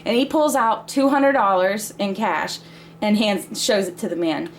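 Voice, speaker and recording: A woman's voice: medium pitch, measured pace, slight background noise. A woman in her thirties telling a family story in a chatty, casual way with laughs between lines.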